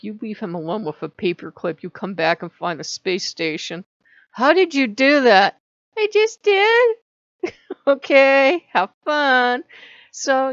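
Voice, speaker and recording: A woman's voice: mid-range voice, no room sound, dull audio. A woman hosting her channel, chatting casually and animatedly, laughing often. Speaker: channel host. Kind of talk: casual vlog chat.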